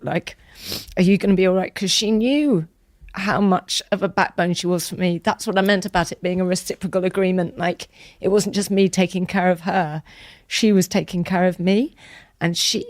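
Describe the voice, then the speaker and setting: A woman guest on a podcast shares an emotional personal story in an earnest, tender way, at times dropping to a soft whisper. Her voice is fairly low, recorded cleanly in a studio with no echo.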